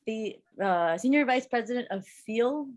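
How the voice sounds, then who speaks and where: A woman's voice: a little high, expressive, a little slow. Gushing, chatty young woman co-host. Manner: gushing, emotional, rambling. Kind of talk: casual podcast chat.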